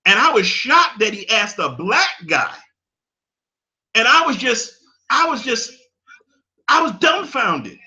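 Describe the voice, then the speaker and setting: A man's voice: very high voice, big pitch swings, slow, long pauses, sharp tone. A man, giving an impassioned monologue that repeats phrases for emphasis. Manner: preachy, emphatic, repeats phrases, laughs at his own points. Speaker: commentator.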